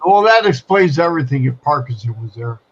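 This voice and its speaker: A man's voice: fairly high pitch, animated, brisk. A man in a casual chat, chiming in with short questions and remarks. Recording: dull lo-fi sound.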